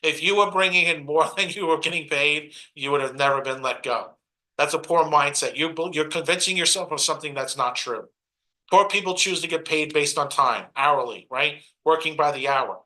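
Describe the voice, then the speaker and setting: A middle-aged man from Brooklyn, giving a motivational stage talk in a preachy, punchy way and mocking other people's excuses in quick put-on asides. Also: fairly high pitch, sharp tone, low-quality recording. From Brooklyn, New York. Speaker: motivational speaker.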